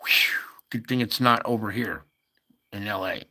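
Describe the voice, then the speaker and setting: A man's voice: lowish voice, unhurried, pushed and bright. A man hosting a casual earthquake update, thinking aloud over maps with many fillers and asides. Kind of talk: casual screen-share commentary.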